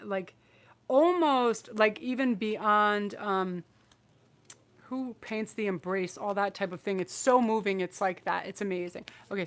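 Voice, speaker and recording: Effusive woman giving a live tarot reading. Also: medium pitch. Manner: effusive and emotional, rambling with restarts. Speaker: tarot reader and channel host. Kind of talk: live-streamed psychic reading.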